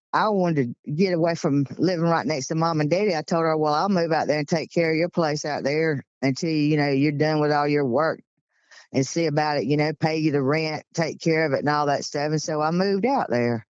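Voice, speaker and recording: A woman's voice: deep voice, darkish tone, dry recording, lo-fi sound. A woman in her sixties with a Georgia accent, telling a story in a chatty, rambling, folksy way. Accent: Southern US, Georgia. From Georgia, USA. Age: 60s. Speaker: guest recounting encounters. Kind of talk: casual storytelling.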